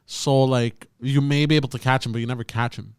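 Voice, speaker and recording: Man with a smooth, dry voice. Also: medium pitch, steady tone, a little fast, no room sound. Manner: loose, rambling, profane storytelling. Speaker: podcast co-host. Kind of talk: casual comedy podcast chat.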